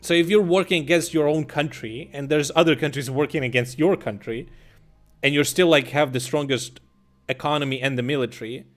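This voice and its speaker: A man's voice: fairly high pitch, brisk, faint music behind. A young man ranting sarcastically and with lots of swearing while commenting on a live stream.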